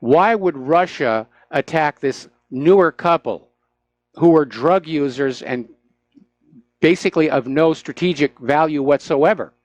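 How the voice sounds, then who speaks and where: A man's voice: fairly high pitch, a little slow, no room sound. A man hosting a talk radio show, giving opinionated, sarcastic commentary with frequent "uh" fillers into a studio microphone.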